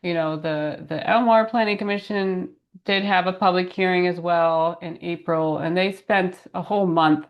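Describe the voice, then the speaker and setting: Casting: low-pitched woman, groggy and under the weather, calling in to a meeting. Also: steady tone, moderate pace, few pauses, muffled recording. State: groggy voice from illness. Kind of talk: meeting update over remote call. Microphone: video call.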